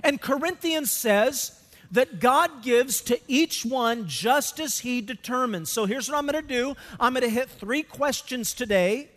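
Preacher guy with a high voice, goes loud then real quiet, churchy reverb. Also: a little slow. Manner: animated preaching, swings from loud to hushed. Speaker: pastor. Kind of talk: sermon. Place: church sanctuary. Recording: long reverb of a church hall.

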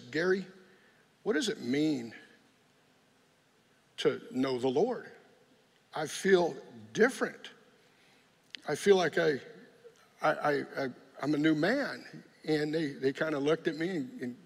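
A middle-aged man from San Jose tells his testimony in an earnest, plainspoken way. His voice sits a little high, with gravel and a husky edge. It rings out in a hall with long reverb. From San Jose, California. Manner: earnest, plainspoken, with frequent restarts. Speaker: guest giving testimony. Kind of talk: personal testimony.

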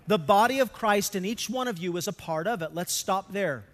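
A man's voice: high voice, normal speed, few pauses, a bit bright, in a large hall. A male pastor preaching a sermon, emphatic, asking the congregation questions and having them call out the missing words.

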